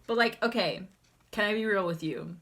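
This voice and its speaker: A woman's voice: mid-range voice, normal speed, fairly bright tone. Emotional rambling woman tarot reader. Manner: emotional, rambling, many fillers and restarts. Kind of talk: casual tarot reading monologue.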